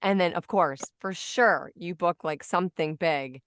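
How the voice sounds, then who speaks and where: A woman's voice: on the low side, clear, resonant tone, dry recording. Bubbly woman podcast host, dry sound. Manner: bubbly, chatty, quick to laugh. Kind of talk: casual interview chat.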